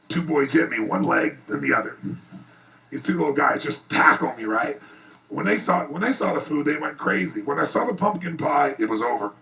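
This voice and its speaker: Gravelly man telling an earnest story. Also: medium pitch, far from the mic, poor audio. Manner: earnest, animated, rising excitement in retellings. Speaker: motivational speaker. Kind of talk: emotional personal storytelling speech. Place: private event before an audience.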